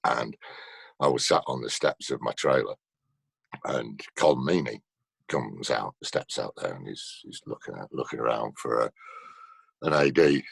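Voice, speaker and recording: Super deep guy, gravelly and a bit husky, laughs while telling stories on a call. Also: measured pace, long pauses, no room sound. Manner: storytelling, laughs often. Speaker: actor guest. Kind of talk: casual interview chat. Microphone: video call.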